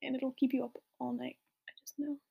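A woman's voice: high-pitched, level tone, a little fast, creaky, breathy edge, muffled recording. A young woman reading a fan story aloud in a whispery voice, with amused asides. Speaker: reader.

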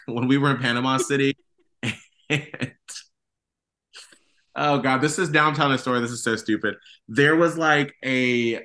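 A chatty man telling self-deprecating stories in a casual interview. His voice is bright and forward, and he stays animated and playful. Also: medium pitch. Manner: animated, self-mocking storyteller. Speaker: radio host guest.

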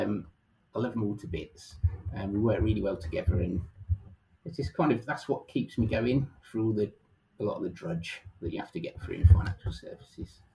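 A middle-aged man talks casually as an interview guest, easygoing and full of hesitant ums. His voice is low with a noticeable gravelly fry. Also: a little hiss or hum, rough recording. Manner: relaxed, hesitant, frequent ums. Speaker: guest, financial planner.

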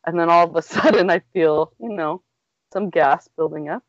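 A woman's voice: lowish voice, normal speed, dry recording. Chatty woman in her thirties, giggly storyteller, lo-fi dry mic. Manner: chatty, laughs through her words, lots of "like". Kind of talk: casual storytelling chat. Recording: dull lo-fi dry recording.

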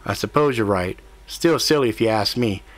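A man's voice: on the low side, normal speed, no room sound, lightly acted. A man voicing a snarky female cat spirit in human form who talks bluntly and grumbles a lot. The voice is an audiobook character reading. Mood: grumbling. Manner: blunt, grumpy, food-loving.

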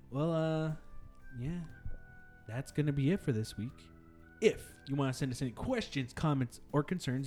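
A man's voice: medium pitch, a little mellow. A man hosting a podcast, chatting loosely with friends and swearing often. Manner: loose, swearing, laughing banter. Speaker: podcast host. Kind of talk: casual podcast chat.

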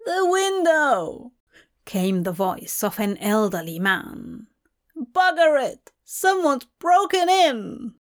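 A woman voicing a frightened elderly English aristocrat who barks sharp orders. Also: medium pitch, very animated, slow pace. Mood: alarmed.

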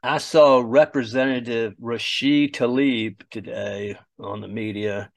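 Blunt, gravelly male commentary host. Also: medium pitch, steady tone, slow, no room sound. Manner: blunt, mocking and profane. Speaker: show host. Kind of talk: opinionated commentary.

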